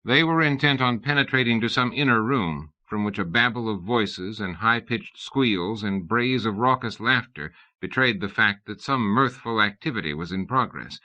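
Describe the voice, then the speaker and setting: A man reading a comic fantasy novel aloud as an audiobook narrator, in measured, even storytelling. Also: lowish voice. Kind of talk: scripted narration. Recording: dull lo-fi audiobook recording.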